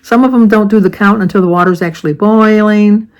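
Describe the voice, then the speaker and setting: A woman's voice: medium pitch, steady tone, brisk, a little mellow, low-quality recording. An older American woman in casual chat, rambling and chatty, often stopping to correct herself. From United States. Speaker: vlogger.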